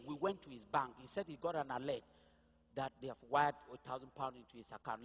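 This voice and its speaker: A man's voice: fairly high pitch, fast, soft background music. A man telling a personal testimony as a sermon, vivid storytelling that builds to impassioned cries. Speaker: pastor. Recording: echoey hall reverb.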